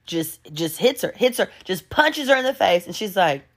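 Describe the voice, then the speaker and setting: A woman telling a story in a casual vlog, animated and addressing viewers directly, often breaking into laughter. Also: medium pitch, normal speed.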